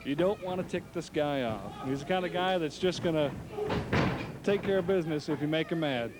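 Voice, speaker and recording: A man's voice: a little high, fairly quick, very noisy. A man giving folksy, hesitant color commentary on a wrestling match.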